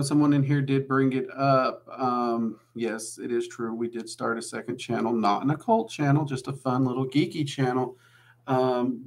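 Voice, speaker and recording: A man with a Southern twang, hosting a casual livestream Q&A and chatting loosely with lots of "um"s. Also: mid-range voice. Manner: chatty and rambling, with many "um"s. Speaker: livestream host answering viewer questions.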